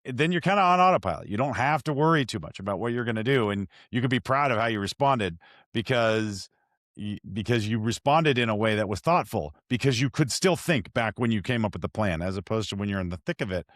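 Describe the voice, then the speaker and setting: A man hosting a podcast interview, telling stories in an animated, self-deprecating way with frequent restarts. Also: lowish voice, brisk, no echo, studio quality. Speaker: podcast host. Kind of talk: conversational interview.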